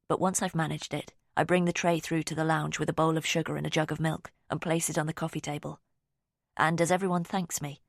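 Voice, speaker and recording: A woman narrating a thriller audiobook in the first person, measured and even. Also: sits low, no echo, clean studio sound.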